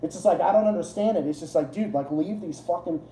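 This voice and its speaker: A man hosting a live game stream, ranting in a loose, profane ramble full of restarts and repeats. His voice is dark and mellow, but it leaps sharply upward when he gets heated. The sound is roomy and echoey. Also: fast talker. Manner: excitable, jumps high in pitch when worked up. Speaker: livestream host. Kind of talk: casual ranting chat.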